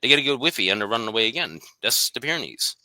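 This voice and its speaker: A man chatting casually about dog breeds in a quick, matter-of-fact way. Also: medium pitch, lively intonation, bright, forceful tone, dry recording, low-quality recording. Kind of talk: casual conversation.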